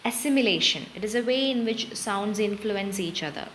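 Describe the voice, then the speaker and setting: A young woman teacher with an Indian English accent giving an exam-prep lecture, listing terms steadily with brief pauses. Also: medium pitch, expressive, fairly bright tone, rough recording. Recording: faint hiss.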